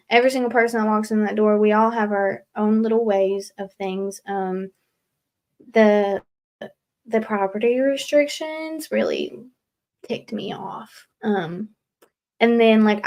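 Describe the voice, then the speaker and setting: A woman's voice: mid-range voice, a little mellow. A young woman telling her recovery story as a guest in a casual live interview, earnest and rambling, with many fillers. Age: young adult. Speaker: guest leaving a recovery house.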